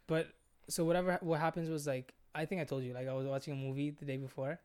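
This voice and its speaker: A man's voice: fairly high pitch, little pitch movement, fast talker, a little mellow, clean tone. A young man telling rambling stories in a casual podcast chat, swearing a lot and filling his talk with "like". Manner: swearing, rambling storyteller with many fillers. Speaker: podcast co-host.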